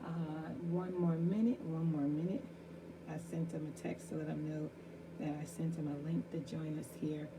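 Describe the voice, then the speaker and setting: A woman's voice: steady tone, normal speed, background noise. A woman hosting a live online talk show, talking casually with many fillers and eagerly repeating herself. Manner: gets louder and higher calling to a guest.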